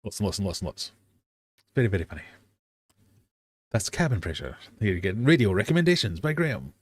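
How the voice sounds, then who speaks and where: Host, male, lowish voice, casual jokey quizmaster, dry close mic. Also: big pitch swings, fairly quick, dry recording. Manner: chatty, jokey, self-deprecating. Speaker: host of a fishkeeping live stream quiz. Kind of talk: casual live-stream quiz hosting. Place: home fish room.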